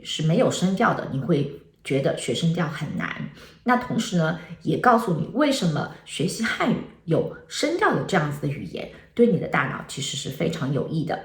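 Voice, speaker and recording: A woman teaches an online language lesson. Her low voice has a gravelly edge. She walks through each point patiently in an echoey room. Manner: switches between English and Mandarin, explaining tones step by step. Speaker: Mandarin teacher.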